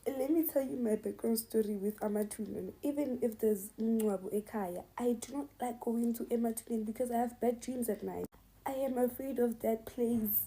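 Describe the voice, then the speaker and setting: Dark-voiced South African young woman. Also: fairly high pitch, brisk, rough recording. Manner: animated, mixing English with Zulu and Sotho phrases. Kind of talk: casual storytime.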